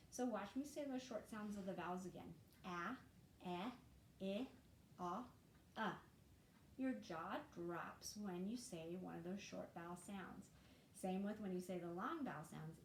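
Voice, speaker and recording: A woman giving a reading lesson to parents, explaining patiently and demonstrating sounds. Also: medium pitch. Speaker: reading teacher. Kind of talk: instructional video lesson. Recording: echoey room with faint noise.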